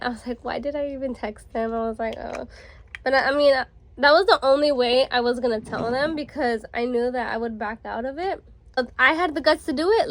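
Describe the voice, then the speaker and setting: A young woman vlogger telling a casual storytime while getting ready, chatty and full of fillers. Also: fairly high pitch. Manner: chatty, many fillers like "like" and "bro".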